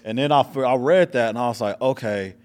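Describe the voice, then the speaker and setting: A man's voice: medium pitch, brisk. A man interviewing a guest in casual chat, telling stories animatedly and acting out what people said. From American South. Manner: animated storytelling, acts out quotes in a lively voice.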